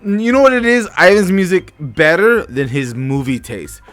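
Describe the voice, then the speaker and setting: A man's voice: high voice, lively intonation, normal speed, fairly bright tone, clear, resonant tone, dry recording, faint music behind. A young man co-hosting a casual podcast chat, blunt and teasing as he trash-talks a friend. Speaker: podcast co-host.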